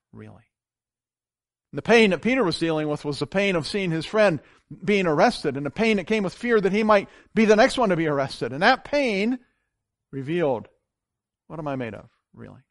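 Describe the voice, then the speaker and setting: A man preaching a sermon as pastor, telling stories with big swings from loud to hushed. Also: on the high side, no room sound, studio quality. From grew up on a farm. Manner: animated storytelling with wide swings in loudness.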